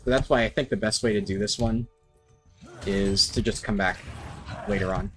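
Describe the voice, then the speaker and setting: A young woman streamer giving casual gameplay commentary at her home desk, swearing a lot and turning panicky and excitable. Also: very deep voice, normal speed, vocal fry, faint music behind. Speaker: gaming streamer.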